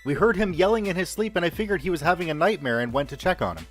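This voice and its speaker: A man's voice: fairly high pitch, lively intonation, fast talker, soft background music. A man hosting a podcast, reading stories aloud and acting out the quoted lines. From Canada.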